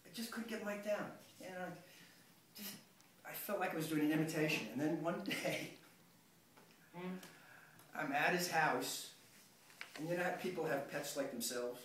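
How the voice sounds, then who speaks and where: A man's voice: a little high, moderate pace, pauses often, fairly bright tone. A man teaching an acting workshop, talking in a rambling, conversational way that keeps restarting itself. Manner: rambling, conversational, self-interrupting. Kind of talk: workshop lecture. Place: workshop room. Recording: echoey room, distant mic, faint noise.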